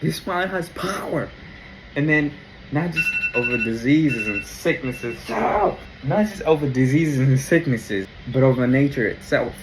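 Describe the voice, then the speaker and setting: A man giving a casual, excited faith reflection, telling the story in slangy everyday talk and exclaiming in wonder. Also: medium pitch, a little slow, very noisy. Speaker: Christian vlogger.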